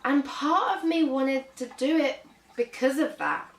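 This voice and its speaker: A woman's voice: high-pitched, a little slow, roomy sound, far from the mic, poor audio. A young British woman vlogging casually about her fitness, chatty, with lots of "um" and "like". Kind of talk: casual vlog talk.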